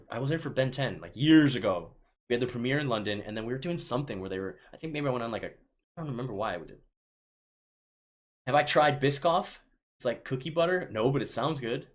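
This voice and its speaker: A man in his thirties from Chicago, casually reading viewer questions aloud on a live stream and answering them offhand, often restarting his sentences. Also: fairly low pitch. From Chicago, United States. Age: 30s.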